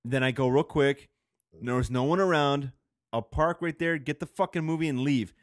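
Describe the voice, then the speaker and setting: A man's voice: on the high side, moderate pace, no room sound, studio quality. A man co-hosting a show, talking in crude, rambling casual banter, swearing a lot and laughing often. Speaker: podcast co-host.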